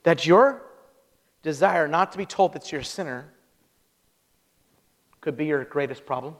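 A man's voice: fairly high pitch, unhurried, in a large hall. A man preaching a sermon, emphatic, with rhetorical questions and vivid anecdotes in a church sanctuary.

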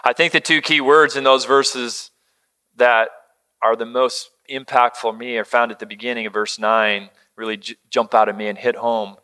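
A middle-aged man preaching a sermon, telling a family story in a conversational way and dropping to a soft hush when he quotes words of comfort. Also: mid-range voice, steady tone, moderate pace, clean tone. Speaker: pastor.

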